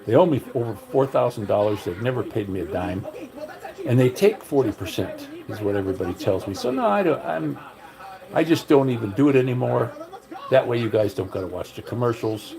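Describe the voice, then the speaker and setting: A man's voice: mid-range voice, animated, a little fast, vocal fry, poor audio. A middle-aged man chatting casually on a livestream in a rambling, folksy way, talking straight to his viewers. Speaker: livestream host.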